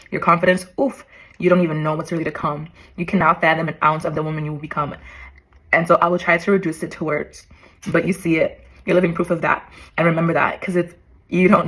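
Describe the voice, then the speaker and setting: A woman's voice: fairly low pitch, fairly bright tone, poor audio. A young woman in her twenties vlogging as she reads an old letter to herself aloud, emotional, swearing and laughing in disbelief.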